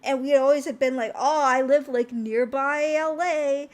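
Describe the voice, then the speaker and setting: A young woman with a high voice tells a rambling story on her stream and sounds tired. She jumps up in pitch whenever she acts out what someone said. Her telling is chatty and animated. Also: normal speed. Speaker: VTuber streamer.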